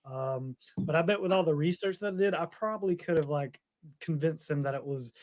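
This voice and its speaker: A man's voice: a little high, brisk. A young man, co-hosting a podcast and chatting casually, rambling and leaning on fillers. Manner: rambling, filler-heavy, with frequent "like". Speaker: podcast co-host. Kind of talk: casual chat.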